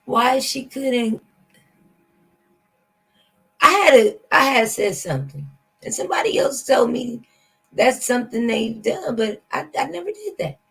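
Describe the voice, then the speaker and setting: She has a high-leaning, sing-song voice that's gravelly and slightly rough, speaking a little slowly with long pauses on a low-quality recording. As a reaction channel host, she chats casually and skeptically, speaking directly to viewers.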